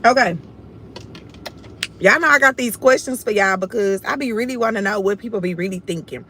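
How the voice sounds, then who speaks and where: A woman's voice: mid-range voice, brisk, bright, forceful tone, slight background noise. A young woman with a Houston accent, talking casually and bluntly to viewers on her own livestream. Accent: Southern US, Houston. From Houston, Texas. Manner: confident, blunt, addresses viewers as y'all. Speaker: livestream host.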